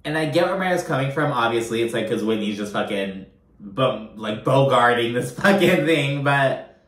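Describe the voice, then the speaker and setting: A man's voice: mid-range voice, animated, normal speed, fairly bright tone. Man, casual reality-show recap, gossipy, swears a lot, lots of fillers, roomy echo. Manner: chatty, profane, gossipy with frequent fillers.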